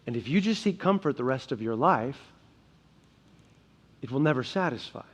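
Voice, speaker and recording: A young adult man preaching a sermon as pastor, earnest, shifting between quiet emphasis and loud, urgent passages. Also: medium pitch, lively intonation, moderate pace. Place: church sanctuary.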